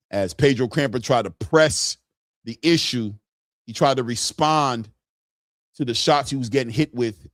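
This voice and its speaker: A man hosting a casual boxing livestream, talking in an excitable, slangy way and hollering often. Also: mid-range voice, measured pace, dry recording, studio quality. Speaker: boxing commentary host. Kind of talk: casual livestream fight commentary.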